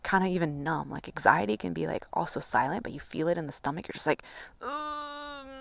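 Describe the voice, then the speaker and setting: A woman's voice: low voice, vocal fry, fairly bright tone. A woman coaching on anxiety in a loose, casual monologue, full of swearing and fillers. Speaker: spiritual coach.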